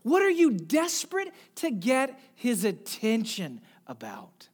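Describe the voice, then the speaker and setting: Slow, animated preacher. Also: medium pitch. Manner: swings from soft near-whispers to loud emphatic calls; asks the congregation direct questions. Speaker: pastor. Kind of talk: sermon.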